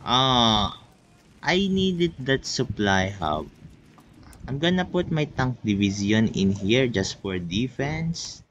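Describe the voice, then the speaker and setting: A man who speaks English as a second language, giving excitable casual gameplay commentary full of oohs and counting aloud. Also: medium pitch, takes it slowly, highs cut off, a little hiss or hum. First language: not English. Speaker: gameplay video creator.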